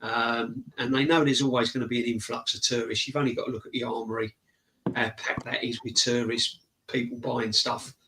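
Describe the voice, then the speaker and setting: A man speaking earnestly in casual chat over a video call, often saying things twice to drive them home. His voice is bright and sharp at a middling pitch. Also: flat delivery, brisk, slight background noise, low-quality recording. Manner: earnest, repeats himself for emphasis. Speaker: season ticket holder guest.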